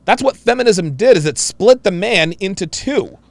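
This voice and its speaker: A man's voice: sits high, expressive, normal speed, gravelly, no echo. A man giving mocking, emphatic reaction commentary on a played clip.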